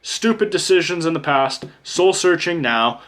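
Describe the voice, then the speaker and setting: A man's voice: on the high side, lively intonation, moderate pace, fairly bright tone. A man giving a pick-a-card tarot reading, joking, sarcastic and talking straight to the viewer with playful outbursts. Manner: swears casually and addresses the viewer directly. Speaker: tarot reader.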